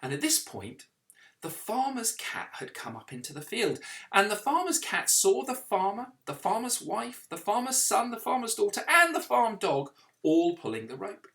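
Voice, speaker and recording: This man narrates a children's tale in the role of a vicar, lively and full of sound effects, stopping to quiz the young listeners. He pitches his voice high, keeps a moderate pace, and sounds creaky.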